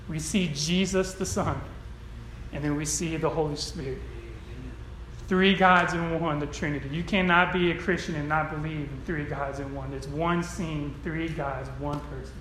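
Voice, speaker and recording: A male pastor delivers a sermon from a church sanctuary, with a voice that sits notably high for a man. He tells stories earnestly and then drives his points home with emphatic declarations. The sound carries a roomy echo from the hall. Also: fairly even intonation, unhurried, a bit bright, slight background noise.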